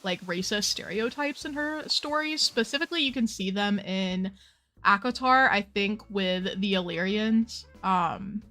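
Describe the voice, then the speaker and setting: A woman live-streaming a game, chatting in a casual, playful way and tossing out blunt opinions between moves. Her voice sits at an ordinary pitch for a woman, and soft game music plays behind her. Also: a little slow.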